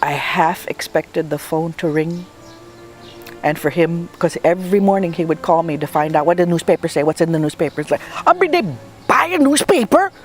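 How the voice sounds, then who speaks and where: A woman's voice: sits low, steady tone, a little fast, darkish tone, soft background music. An older woman from Guam recounting a personal memory for an oral history, emotional and reflective, often repeating words for emphasis. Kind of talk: personal storytelling.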